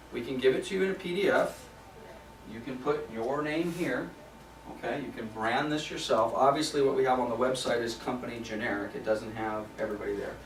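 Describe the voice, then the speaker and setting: A man's voice: medium pitch, a little hiss or hum. A man leading a property management training class in a conversational way, repeating key points for emphasis. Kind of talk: recorded training class for agents. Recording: echoey room from a distance.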